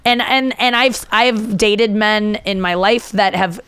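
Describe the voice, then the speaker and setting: A young woman chats as a podcast guest, telling a candid story and voicing the people she quotes. Her voice is smooth and clear at a middle pitch. The room sound is dry and close. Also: slow pace, a bit bright, dry recording. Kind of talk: casual podcast chat. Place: indoor studio room.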